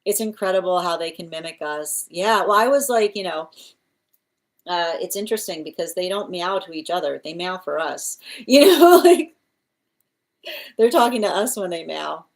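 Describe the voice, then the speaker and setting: A woman's voice: fairly low pitch, normal speed, creaky. Chatty woman tarot reader on a live stream. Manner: chatty, laughs often, coos at her cat.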